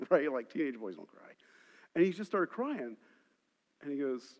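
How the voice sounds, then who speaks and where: A man preaching from the pulpit, his fairly high voice ringing out in a church hall with a long, trailing reverb. He tells stories from his own ministry, pushing hard on key points and then dropping into quiet, confiding asides. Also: very animated, normal speed. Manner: storytelling, swings between loud emphasis and quiet asides. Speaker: pastor. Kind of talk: sermon.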